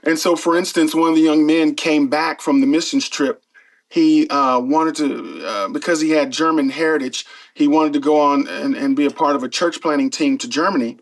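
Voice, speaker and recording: A middle-aged man speaks in a slightly high voice, a pastor telling stories in a casual interview. He is earnest and grows animated when he acts out what others said. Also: moderate pace, low-quality recording. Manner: earnest, animated when retelling, frequent fillers. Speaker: pastor and former pro football player.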